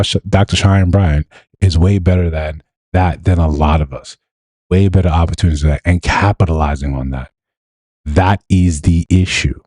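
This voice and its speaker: A man giving blunt, animated livestream commentary, often mimicking other people in quotes. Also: low-pitched, dry recording. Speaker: streamer and commentator.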